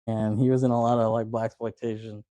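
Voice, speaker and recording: A man's voice: on the low side, level tone, brisk, warm tone, no echo, low-quality recording. A man hosting a casual movie podcast, animatedly retelling scenes, acting out lines and laughing often. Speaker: podcast host.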